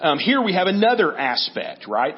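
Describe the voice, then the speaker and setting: Male pastor, conversational sermon delivery, slightly high voice, dull lo-fi recording. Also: big pitch swings, moderate pace. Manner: conversational teaching, frequent "right?" checks. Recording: dull lo-fi audio.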